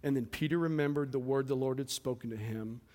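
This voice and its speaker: A man's voice: mid-range voice, brisk. Impassioned male pastor preaching in a hall. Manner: impassioned preaching that swings from loud to hushed. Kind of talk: sermon. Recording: long hall reverb.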